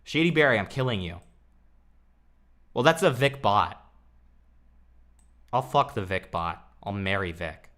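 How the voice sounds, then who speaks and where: A man hosting casual reaction commentary, crude and sarcastic, swearing constantly and dropping into low mumbled asides. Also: big pitch swings, a little slow, pauses often, a bit bright. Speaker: commentary host.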